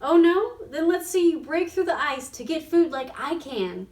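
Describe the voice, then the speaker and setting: A woman's voice: very high voice, sing-song, moderate pace, pitched above the performer's own voice. A smug scoffing duck, done by a woman. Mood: mocking. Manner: mocking, boastful. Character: smug male duck, scoffing know-it-all. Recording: roomy sound from a distant mic.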